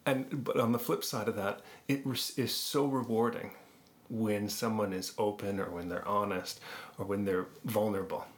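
Lower-voiced man telling lively anecdotes. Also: normal speed. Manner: animated anecdotes with frequent laughs. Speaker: podcast guest, producer. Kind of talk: conversational interview storytelling.

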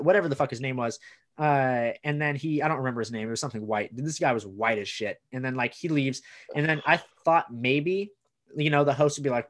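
A man's voice: on the high side, fast talker, a bit bright. A young man, a comedian, telling stories casually on a podcast, rambling with many "like"s and acted-out quotes. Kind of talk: casual chat.

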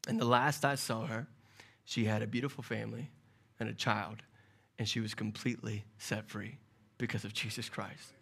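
A man preaching a sermon as pastor, moving from hushed, quiet passages to loud, urgent calls. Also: fairly low pitch, little pitch movement, normal speed, vocal fry, a little hiss or hum. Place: church service. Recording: loud music under the voice.

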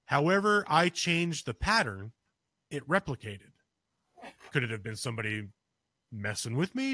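A man casually telling a personal story, acting out his own quotes with sudden jumps in pitch. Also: very animated, moderate pace, pushed and bright, husky, no room sound. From Pennsylvania.

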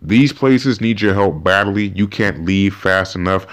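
A man hosting a podcast, giving animated, emphatic opinion commentary and often restarting his sentences. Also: deep voice, unhurried. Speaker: podcast host.

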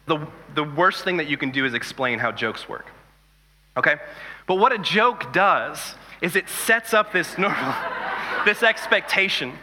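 Male pastor, 30s, chatty sermon delivery with jokes, slightly high voice, long reverb. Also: unhurried, background noise. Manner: conversational, animated storytelling with jokes.

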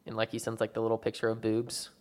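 A man's voice: lowish voice, completely flat delivery, quick pace, darkish tone. A young man chatting casually about movies, rambling and filling his talk with "like" and "um". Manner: rambling, filler-heavy, lots of "like". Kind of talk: casual chat.

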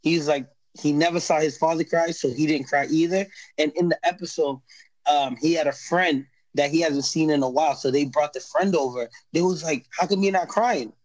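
A man's voice: on the high side, fairly even intonation, a little fast, a little mellow, no room sound, poor audio. Laid-back man retelling a sitcom, dry mic. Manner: rambling, laid-back, lots of restarts and slang. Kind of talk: casual chat recapping a TV show.

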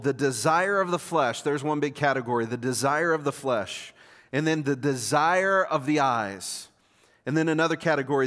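A male preacher gives a conversational sermon, stumbling over and repeating words as he keeps checking in with the congregation. His voice sits at an ordinary middle pitch. It carries a long reverb, as if it were recorded in a large church hall. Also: fairly bright tone.

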